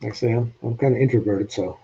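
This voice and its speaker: A man's voice: mid-range voice, steady tone, quick pace, vocal fry, warm tone, slightly rough, lo-fi sound. A man with a New England accent hosting a casual live-stream chat, easygoing and plain-spoken. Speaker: host.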